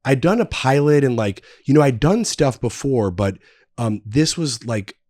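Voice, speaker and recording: A man's voice: mid-range voice, animated, normal speed, dark tone, dry recording, clean studio sound. A man in his thirties, a podcast guest, telling long anecdotes in casual chat, full of fillers and restarts. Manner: rambling anecdotes with many fillers. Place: podcast studio.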